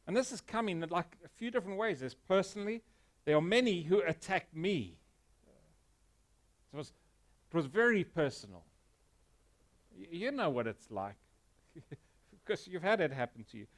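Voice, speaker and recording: A South African pastor preaches to his congregation in an earnest, emphatic way. His voice sits a little high for a man. He often sinks into low, quiet stretches to press a point home. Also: sing-song, moderate pace, pauses often. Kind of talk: sermon. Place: church.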